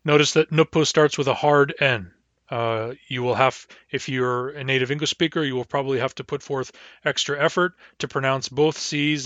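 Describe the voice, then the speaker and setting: A man's voice: mid-range voice, fairly even intonation, a bit bright, no room sound, muffled recording. A man giving a recorded language lesson, carefully repeating each word and explaining its pronunciation. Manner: measured, spells out and repeats each word slowly. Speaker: language teacher.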